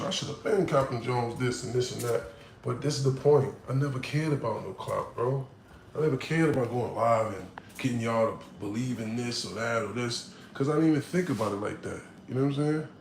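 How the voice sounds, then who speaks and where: The speaker is a man, a battle rapper, casually chatting live with fans in a rambling, slang-heavy, profane manner that swings from hyped to subdued. He has a mid-range voice, heard in an echoey room with slight background noise.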